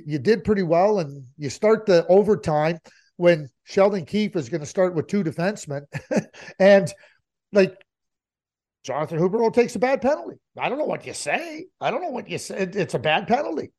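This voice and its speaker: A man with a fairly high voice gives hockey opinions in a casual chat. He hammers his points home by saying them again and again, with plenty of restarts along the way. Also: expressive, normal speed, a little mellow. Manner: emphatic, repeats points for effect.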